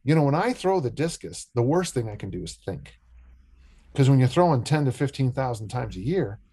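A man's voice: mid-range voice, fairly quick, breathy edge. An older man, a strength and discus coach, telling joking stories as a guest on a podcast interview. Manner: animated, joking storyteller.

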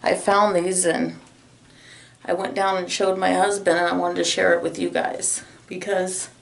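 A woman's voice: on the low side, level tone, measured pace, gravelly, far from the mic. Emotional woman vlogging in an echoey bathroom. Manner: emotional, heartfelt, talks straight to viewers. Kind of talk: casual vlog to camera. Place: home bathroom. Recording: echoey room, voice a bit off-mic.

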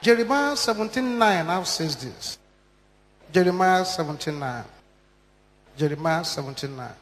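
A man delivers a sermon in a strikingly high voice, hammering his points with repeated lines that climb and fall. His words ring out with the long reverb of a large church hall. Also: a little hiss or hum. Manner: emphatic, repeating lines with strong rises and drops. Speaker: preacher.

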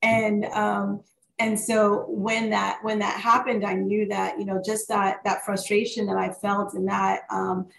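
A woman author and worship leader recounts her story in a relaxed interview. Her delivery is animated, circling back with fillers and restarts. The sound is roomy with a faint background hiss. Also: medium pitch, unhurried, creaky. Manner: animated, many fillers and restarts, warm testimony. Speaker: author guest. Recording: echoey room with faint noise.

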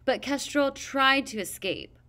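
A woman's voice: high voice, lively intonation, measured pace, sharp tone, pitched above the performer's own voice, full character voice. A woman voicing a vain, cruel female dragon queen who talks in a bored, mocking, imperious way.

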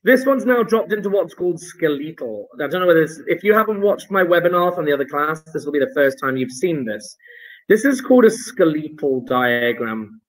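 Playful higher-voiced male chemistry teacher. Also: expressive, a little fast, poor audio. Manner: playful, jokey asides while explaining. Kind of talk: online homework review lesson.

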